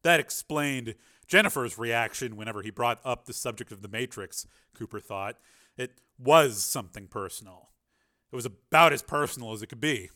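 A male audiobook narrator reading in a measured, expressive way. His voice is bright and varied in pitch, and it sits at a middle height. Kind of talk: scripted narration.

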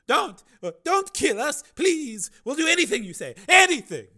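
A man's voice: on the high side, lively intonation, extremely slow, a bit bright, no echo, clean studio sound, voice pushed up, exaggerated voice. A man voicing a starving, terrified tunnel dweller in an audiobook, speaking in a trembling, pleading voice. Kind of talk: audiobook character voice.

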